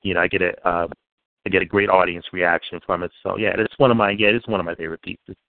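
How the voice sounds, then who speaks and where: A man's voice: sits low, fairly even intonation, fast talker. A man co-hosting a poetry show, chatting casually in an easygoing way and often repeating himself. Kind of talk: casual chat. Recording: tinny phone line.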